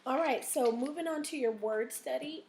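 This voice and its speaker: A woman's voice: sits high, normal speed, a little mellow, a little hiss or hum. A woman teacher giving a recorded reading and word-study lesson to her class, checking in often with "okay?". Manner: encouraging, checks in with frequent "okay?".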